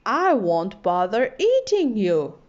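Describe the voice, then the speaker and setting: A woman voicing a big, hungry bully of a male shark with a loud, taunting manner, on a dull lo-fi recording. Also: mid-range voice, big pitch swings, slow.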